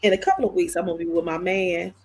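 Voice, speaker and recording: A woman hosting a casual livestream, chatty and excitable. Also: lowish voice, fast, slightly rough, soft background music. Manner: chatty, excitable, drawls and laughs. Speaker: livestream host.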